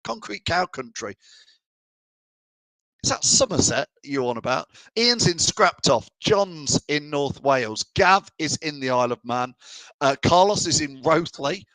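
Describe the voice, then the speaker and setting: Middle-aged english guy hosting a fan stream, reads comments and jokes around, bit high pitched. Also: lively intonation, measured pace, fairly bright tone, no echo, low-quality recording. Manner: chatty, teasing, reads out viewer messages. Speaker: fan channel host. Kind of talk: live stream chat reading comments.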